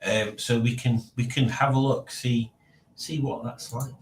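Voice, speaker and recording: A man's voice: medium pitch, fairly even intonation, measured pace. A man hosting a casual livestream, rambling and chuckling to himself as he reads out chat messages. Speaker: livestream host. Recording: echoey room.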